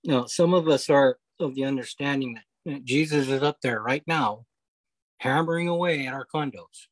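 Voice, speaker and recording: A man leading a Bible study over a video call, explaining scripture step by step, often pausing on okay and uh. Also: medium pitch, no room sound, rough recording. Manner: explanatory, repeats key points, frequent okay and uh. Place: home, online meeting.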